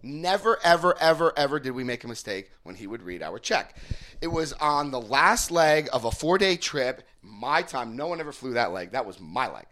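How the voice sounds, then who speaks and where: Animated storytelling man, lively pitch. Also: moderate pace. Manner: storytelling with lively quoted voices, asks the room questions. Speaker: recovery meeting speaker. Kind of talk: informal group talk.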